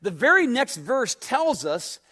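Male pastor, high-pitched and highly animated sermon delivery full of rhetorical questions. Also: measured pace, slightly rough. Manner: preaching with rising fervor, rhetorical questions; acts out a story with quoted dialogue.

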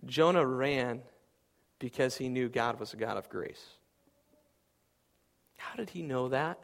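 A man preaching a sermon, swinging between loud, emphatic declarations and quieter asides. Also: medium pitch, expressive, slow pace, gravelly.

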